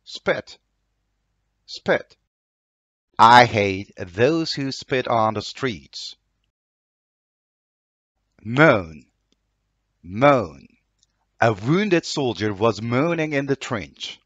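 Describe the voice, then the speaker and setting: A man's voice: medium pitch, lively intonation, slow, fairly bright tone, no room sound, muffled recording. A man with a Turkish accent teaching English vocabulary, saying each word twice and reading an example sentence. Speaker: language teacher.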